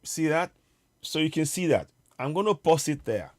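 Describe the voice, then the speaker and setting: A man hosting a livestream of political commentary. He speaks straight to his viewers, urgent and repetitive, and he keeps stopping to fumble with clips he wants to show. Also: a little high. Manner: pauses to fumble with on-screen media. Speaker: online show host.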